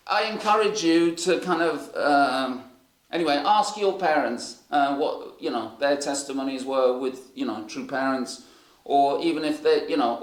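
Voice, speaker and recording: A man preaching, telling rambling anecdotes full of fillers. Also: on the high side. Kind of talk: sermon storytelling. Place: church hall. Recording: echoey hall.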